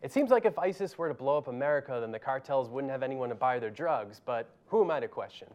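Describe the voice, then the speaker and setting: A man's voice: mid-range voice, lively intonation, fast, a little mellow, highs cut off. A man hosting a satirical news show in a studio, delivering commentary with dry, sarcastic asides.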